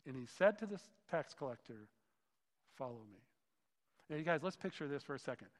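A man's voice: a little high, expressive, fast. A man preaching a sermon as pastor, in a conversational way, sometimes acting out both sides of a dialogue. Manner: conversational, acts out skeptical dialogue. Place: church hall. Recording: long hall reverb.

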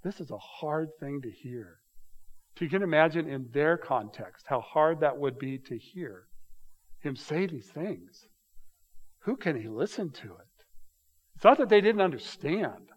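A man's voice: on the high side, expressive, unhurried. A man preaching a sermon in a conversational way, reading scripture aloud and building emphasis on key lines. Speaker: pastor.

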